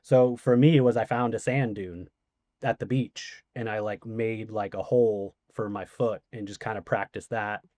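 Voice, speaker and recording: A man's voice: on the low side, fairly even intonation, normal speed, darkish tone, no room sound. A man in his forties, a guest in a casual interview, telling rambling anecdotes full of fillers. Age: 40s.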